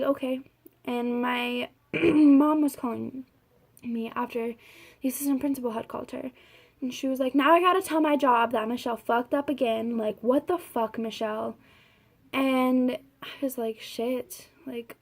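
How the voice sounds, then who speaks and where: A young woman recounts her own story with a gravelly, creaky edge to her slightly high voice. She talks haltingly, stopping and restarting with plenty of fillers. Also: darkish tone. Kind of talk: personal story told to camera.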